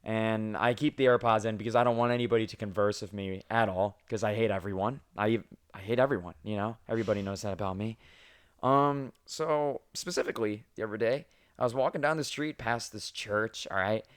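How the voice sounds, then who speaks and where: A man's voice: lowish voice, brisk, smooth. Swearing young man telling stories. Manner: crude, self-mocking, swears freely. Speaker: podcast host. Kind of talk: casual storytelling chat.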